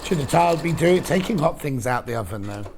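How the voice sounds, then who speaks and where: A shopping channel presenter chatting with a guest. The presenter banters quickly and asks questions. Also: medium pitch, animated, creaky, noisy background. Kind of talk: live shopping TV chat.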